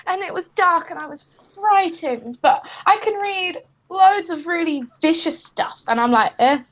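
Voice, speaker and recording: A woman's voice: very high-pitched, animated, a little slow, fairly bright tone. A woman, a guest comic creator, chatting casually and laughing easily. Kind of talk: casual chat. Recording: muffled lo-fi audio.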